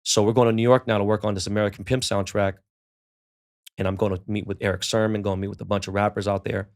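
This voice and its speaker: A man's voice: lowish voice, flat delivery, fast talker. A middle-aged man, a podcast guest telling laid-back, profane stories and acting out the dialogue in them. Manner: profane, laid-back storyteller who acts out quoted dialogue. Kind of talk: casual storytelling in a podcast interview.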